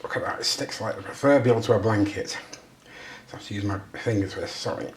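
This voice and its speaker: A British man with a fairly low voice cooks in his home kitchen, talking briskly and casually to the camera as a vlogger. He jokes at his own expense as he goes, and the sound is roomy.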